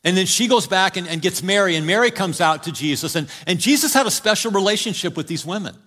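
A high-pitched male preacher delivers a sermon in a storytelling style. He urges his congregation along and swings from near shouts to hushed lines. His voice rings out in a hall with a long reverb. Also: lively intonation, fast talker. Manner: storytelling, urging the congregation, swings between loud calls and quiet drops. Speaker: pastor.

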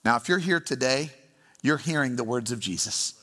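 A man's voice: medium pitch, normal speed. A man from St. Louis preaching a sermon to a congregation, telling stories emphatically and asking the room questions. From St. Louis, Missouri. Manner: animated, emphatic storytelling with congregation asides. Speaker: pastor. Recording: long hall reverb.

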